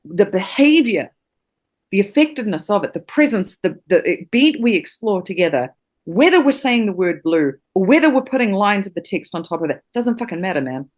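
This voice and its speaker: Her voice has a medium pitch with big pitch swings, a little mellow and at a normal speed. She's a thirty-something New Zealander, an actor and acting teacher guesting on a podcast, chatting casually but passionately about acting with vivid imagery and the odd swear word.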